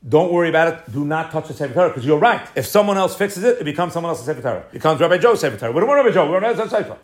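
A rabbi teaching a Torah class at a brisk clip, his voice sitting a little high for a man. He tells the story in a lively way and drops Hebrew and Yiddish terms into his English.

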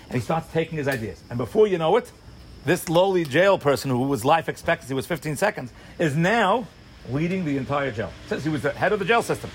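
A man teaching a Torah class to a live audience, telling the story in an animated way, full of rhetorical questions and acted-out asides. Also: fairly high pitch, quick pace, slight background noise. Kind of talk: sermon-style Torah class.

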